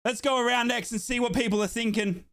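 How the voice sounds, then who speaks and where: Excitable man hosting a football watchalong. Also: very high-pitched, fast, gravelly, smooth. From Australia. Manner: excitable, exclaims and reads chat. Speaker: watchalong streamer. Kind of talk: live football watchalong commentary.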